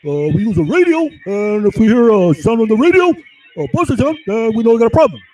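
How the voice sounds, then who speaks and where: A man's voice: high voice, sing-song, fast talker, darkish tone, voice pushed up. A man putting on the voice of a dismissive male utility technician who hems, mumbles and plays dumb. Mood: mocking. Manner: hemming, mumbling, playing dumb.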